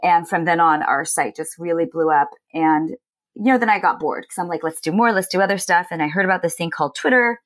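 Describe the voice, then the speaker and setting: A woman's voice: lowish voice, a little fast. A woman from Los Angeles, telling stories in a casual interview, acting out what others said. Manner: animated, quotes others in lively voices. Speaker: guest, entrepreneur.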